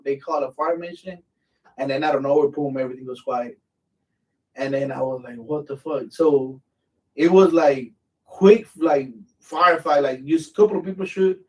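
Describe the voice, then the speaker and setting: A man's voice: a little high, a little mellow. Veteran man host, casual profane storyteller, heard from a distance. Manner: profane, rambling with many fillers.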